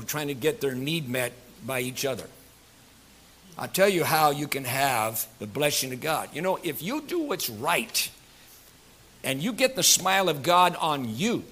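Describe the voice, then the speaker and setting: A male pastor with a voice on the high side preaches a sermon in a folksy, joking style full of fillers. He moves between quiet asides and loud, emphatic passages.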